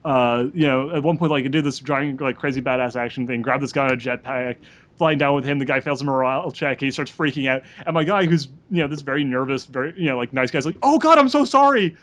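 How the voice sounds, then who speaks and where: Animated man telling game stories. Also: mid-range voice, fast talker. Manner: animated storyteller, acts out characters' lines. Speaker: podcast co-host. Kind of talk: casual chat, telling tabletop game stories.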